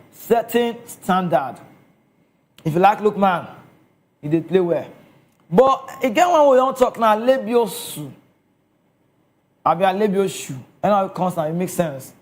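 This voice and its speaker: A man's voice: high voice, lively intonation, a little slow, pauses often. A man with a Nigerian accent giving casual football commentary, chatty and often checking in with his listeners.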